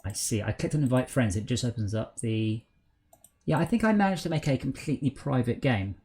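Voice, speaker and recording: Chatty man with a lively voice. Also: medium pitch, fairly quick, slightly rough. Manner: chatty, rambling, troubleshooting aloud with many fillers. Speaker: streamer hosting a LAN game session. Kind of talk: casual chat while gaming.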